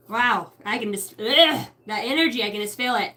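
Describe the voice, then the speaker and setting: A woman's voice: a little high, expressive, takes it slowly, pushed and bright, slight background noise. A woman giving a channeled tarot reading, rambling through names and numbers and swearing casually. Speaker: psychic reader.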